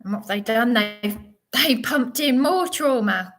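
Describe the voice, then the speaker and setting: A woman in her 30s hosts an unscripted livestream monologue, rambling and digressing with many restarts. Her voice is on the high side and fairly bright in tone, unhurried, with lively intonation.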